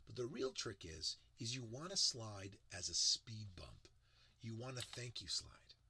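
A middle-aged man teaching presentation design in a lively lecture, acting out quotes in big voices. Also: lowish voice, unhurried, husky. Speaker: presentation instructor.

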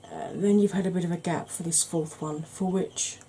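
A woman's voice: fairly low pitch, steady tone, moderate pace, dark tone, slight background noise. A woman hosting a makeup channel, chatting casually through a tutorial with rambling, self-deprecating asides.

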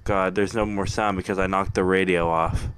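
A young man casually commenting on his own gameplay, excitable and jokey, swearing and muttering at the game. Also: low-pitched, moderate pace, a little hiss or hum. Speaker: gamer host.

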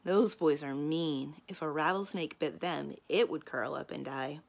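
A woman's voice: low voice, unhurried, vocal fry, exaggerated voice. Sally, a bold young girl detective, read by a woman. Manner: confident, challenging.

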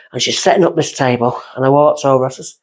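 A woman's voice: normal speed, creaky. A woman, a guest on a podcast, telling a long personal story in a rambling way and going off on tangents. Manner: lively, jumps up in pitch when excited. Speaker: guest medium. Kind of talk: casual storytelling.

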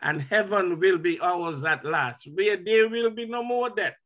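A man's voice: high voice, unhurried, a bit bright, highs cut off. A man speaking at a memorial service, stammering with emotion before rising into fervent preaching about heaven. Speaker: family member speaking at a memorial.

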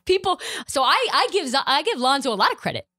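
Bright, chatty woman host. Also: sits high, very animated, brisk, no echo, clean studio sound. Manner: chatty and playful, teasing the guest. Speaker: podcast host. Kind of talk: casual interview chat.

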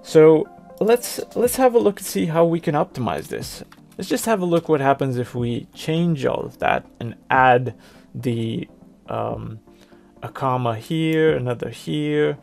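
A man presenting a software tutorial, talking through each step on screen in a plain explanatory way. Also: a little high, lively intonation, unhurried, gravelly, faint music behind. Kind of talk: screen-recorded software walkthrough.

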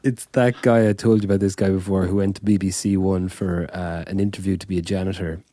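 A man's voice: low-pitched, level tone, quick pace, warm tone, no room sound. A man co-hosting a podcast in casual chat, telling rambling stories and laughing often. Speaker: podcast co-host.

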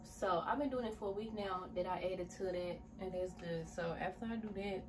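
A woman's voice: on the low side, brisk. A young woman, talking casually in a vlog in a rambling way with many fillers. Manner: rambling, filler-heavy, addresses viewers as y'all. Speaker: vlogger. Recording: distant mic with faint background hiss.

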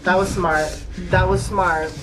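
A woman hosting a movie reaction, talking back at the screen in a loud, profane, casual way over a playing film. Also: lowish voice, steady tone, a little slow, loud music behind the voice, poor audio. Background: film soundtrack playing.

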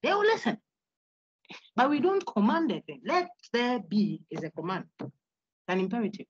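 A woman's voice: fairly high pitch, a little fast, breathy edge, dry recording, dull audio. A woman lecturer, giving an interactive online lecture, laughing often and quizzing her students. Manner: animated, laughs often, asks students questions. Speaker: university lecturer.

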